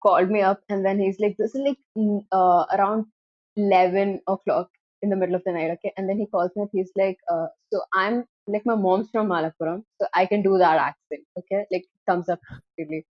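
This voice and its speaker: A young woman, co-hosting a casual podcast chat and telling animated stories full of "like" and "okay". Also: mid-range voice, brisk, no room sound, muffled recording. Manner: animated storyteller, lots of "like" and "okay". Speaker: podcast co-host.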